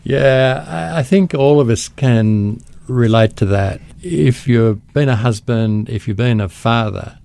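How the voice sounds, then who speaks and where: Mellow, gravelly man. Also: medium pitch, unhurried, hardly any pauses. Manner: earnest, thoughtful. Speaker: guest, ministry founder. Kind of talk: reflective radio conversation.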